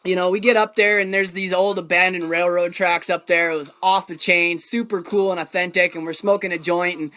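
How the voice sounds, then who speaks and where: Man, high voice, casual storytelling, rambling, lots of fillers, chuckling. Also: steady tone, brisk, hardly any pauses, bright, forceful tone. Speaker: vlogger telling his own story.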